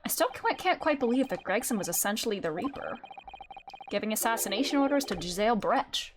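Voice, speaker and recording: Excitable young woman streamer. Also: fairly high pitch, a little fast, background noise. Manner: excitable, swearing, frequent laughter. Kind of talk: casual game-stream commentary.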